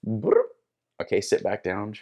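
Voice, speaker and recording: Animated low-voiced man telling a story. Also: normal speed. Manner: animated, acts out his own quotes. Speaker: podcast guest. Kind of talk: casual storytelling.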